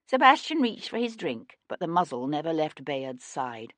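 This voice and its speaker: A woman narrates a historical crime novel in a low, expressive voice. Her pitch moves a lot as she tells the story, and the recording is dry and close to the mic. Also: moderate pace, hardly any pauses, no echo. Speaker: audiobook narrator. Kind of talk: scripted narration.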